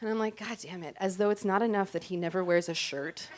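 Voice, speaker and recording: This woman talks fast in a steady, mid-range voice. She's recounting something from her own life into a stage mic at a small club, with a live audience watching, and her delivery is chatty and self-deprecating, peppered with "ums" and "likes."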